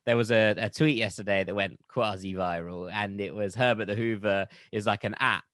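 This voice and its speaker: A man's voice: on the low side, fairly even intonation, moderate pace, fairly bright tone, no room sound, clean studio sound. A man hosting a casual football podcast, reciting a rhyming poem and then bantering and laughing with his co-hosts. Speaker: podcast host.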